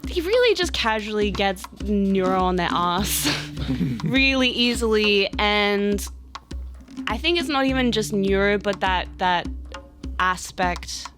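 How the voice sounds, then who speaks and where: A woman's voice: mid-range voice, animated, takes it slowly, over music. A woman playing in a tabletop role-play, hesitant with many fillers. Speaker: player.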